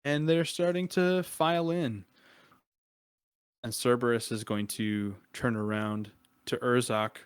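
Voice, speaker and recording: A young adult man narrating as game master of a tabletop game, relaxed and chuckling, with frequent filler words. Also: mid-range voice, slow, smooth, no room sound.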